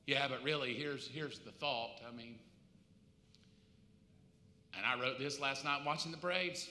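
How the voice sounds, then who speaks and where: A man preaching a sermon as pastor, dramatic, swinging between loud preaching and hushed, confessional asides. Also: mid-range voice, a little slow, long pauses, roomy sound, big-room sound.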